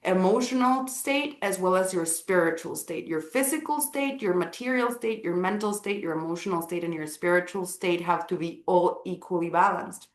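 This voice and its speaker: A woman's voice: fairly low pitch, normal speed, hardly any pauses. A woman from Guatemala, giving a casual live talk on Maya wisdom in a chatty way, full of apologetic asides and fillers. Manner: chatty, apologetic asides, frequent "like" and "you know". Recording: roomy echo.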